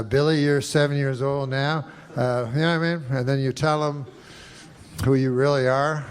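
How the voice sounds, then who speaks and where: A man performing a stand-up routine on a comedy club stage, rambling slowly and swearing crudely. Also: medium pitch, a bit bright. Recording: noisy live club recording.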